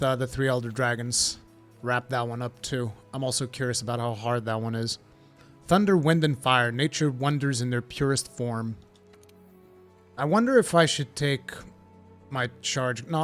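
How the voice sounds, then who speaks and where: Chatty high-voiced male streamer. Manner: rambling, chatty, swears freely. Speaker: game streamer. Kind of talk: casual live-stream chat.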